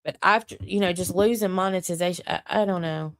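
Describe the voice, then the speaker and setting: A woman in her forties chats on a home livestream in a rambling, profane way, venting her frustration. Her voice sits a little low, and the sound is dry and close with hardly any room echo. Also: a little fast. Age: 40s. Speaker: livestream host. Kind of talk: casual livestream chat. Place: home computer desk with several monitors.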